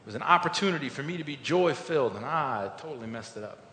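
A man preaching a sermon, telling a personal story with earnest emphasis, swinging between loud points and quiet reflective lines. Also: animated, quick pace. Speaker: pastor. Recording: echoey hall with faint rumble.

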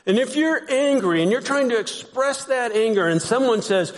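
A man's voice: extremely high pitch, lively intonation, moderate pace, few pauses. A man preaching a sermon as pastor, talking to the congregation conversationally and asking them rhetorical questions. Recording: long hall reverb.

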